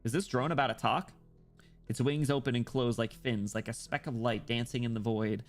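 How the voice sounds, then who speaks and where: A man streaming a story game, reading its narration aloud and breaking in with excitable, jokey, swearing reactions. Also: medium pitch, normal speed, faint music behind.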